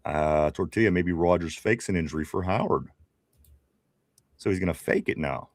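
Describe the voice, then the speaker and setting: Chatty low-voiced Pittsburgh sports host. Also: male voice, moderate pace, no room sound, studio quality. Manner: chatty, laughs often, many restarts. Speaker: podcast host reading live chat. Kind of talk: casual sports talk.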